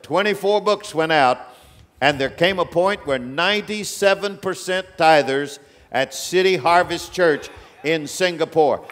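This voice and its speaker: A man delivers a sermon in a large auditorium, his voice sitting a little high for a man. He swings from booming, stretched-out proclamations to hushed, grave rebukes. Long reverb hangs after each phrase in the big hall. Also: measured pace. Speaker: guest preacher.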